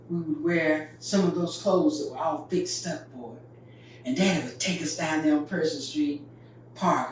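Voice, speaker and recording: An older woman from North Carolina tells a story in a folksy, vivid oral-storytelling style. Her voice sits low with a darkish tone, and the recording is very echoey, with a distant mic and faint noise.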